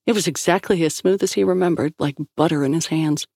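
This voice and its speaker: A woman narrating a story in an even scripted storytelling voice, recorded close on a studio mic. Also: low-pitched, quick pace, no room sound. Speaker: audiobook narrator.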